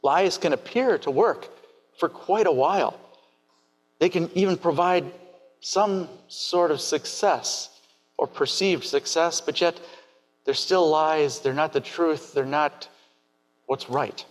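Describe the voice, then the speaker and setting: A man preaching a sermon in a measured, questioning way. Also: on the high side, big-room sound.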